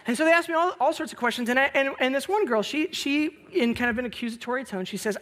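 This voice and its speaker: Male pastor, sermon delivery, lively storyteller who swings between loud bursts and hushed reflection. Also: fairly quick. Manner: animated storytelling, rising loud on anecdotes; drops soft and low on reflective points. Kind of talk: Christmas sermon.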